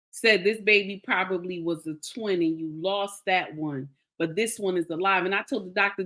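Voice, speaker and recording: Woman telling her own story to viewers, bright punchy voice, keeps repeating lines and talking right to the audience. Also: mid-range voice, moderate pace, few pauses. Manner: animated and emphatic, repeats lines, calls out to listeners. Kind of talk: emotional personal storytelling.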